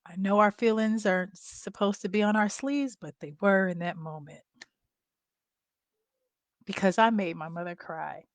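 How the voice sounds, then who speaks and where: A woman's voice: medium pitch, moderate pace, long pauses, no echo. Candid middle-aged woman, dry close sound. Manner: candid, conversational, addresses viewers as y'all. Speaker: family caregiver. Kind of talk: personal storytelling vlog.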